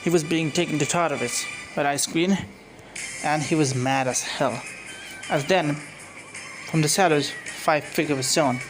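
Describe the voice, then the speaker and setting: A man's voice: on the high side, unhurried, low-quality recording. A man casually reading aloud his own fan-made story, rambling with frequent restarts and self-corrections. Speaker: fan fiction narrator. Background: music.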